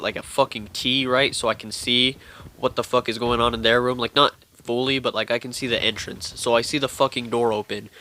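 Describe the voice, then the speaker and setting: A man's voice: medium pitch, pushed and bright, slight background noise. A young man telling a spooky story to camera in a rambling, casual way, swearing constantly. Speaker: vlogger telling a scary story.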